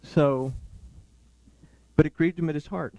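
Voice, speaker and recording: A man's voice: on the high side, steady tone, a little slow, a little mellow, low-quality recording. Earnest man teaching a Sabbath sermon. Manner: earnest, emphatic, quoting scripture and explaining Hebrew words.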